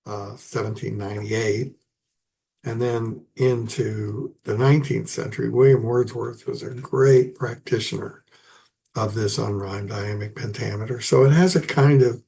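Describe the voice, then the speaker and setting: Slow, gravelly-voiced man lecturing. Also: medium pitch, warm tone. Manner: halting, many ums and restarts. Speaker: poetry teacher. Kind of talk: unscripted lecture.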